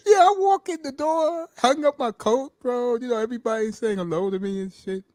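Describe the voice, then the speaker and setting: A man's voice: very high voice, fairly quick, a little mellow, no room sound. A middle-aged man telling stories casually, mimicking people and laughing often. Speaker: podcast host. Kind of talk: casual storytelling chat.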